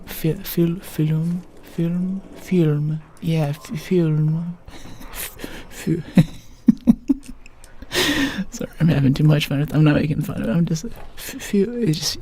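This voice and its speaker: Low, mellow woman, half-whispered. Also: lively intonation, unhurried, pauses often, slight background noise. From United States. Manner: soft, often slipping into a whisper, playful. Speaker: streamer. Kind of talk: soft-spoken ASMR gaming stream chat.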